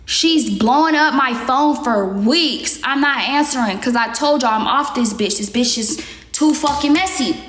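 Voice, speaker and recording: A young adult woman telling a profane story on a livestream, animated and acting out the quotes. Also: high voice, measured pace. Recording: echoey room.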